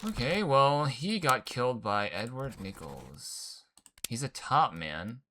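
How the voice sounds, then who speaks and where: A man's voice: medium pitch, sing-song, slow pace, pushed and bright, slight background noise. A man casually commenting while he plays a puzzle game, thinking aloud and muttering guesses in slangy talk. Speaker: gaming channel host. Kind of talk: casual let's-play commentary.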